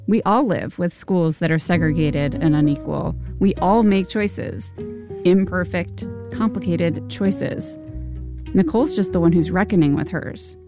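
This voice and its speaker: A woman hosting and narrating a podcast. She reads her script in a measured, thoughtful way. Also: lowish voice. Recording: narration over guitar music. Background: guitar music.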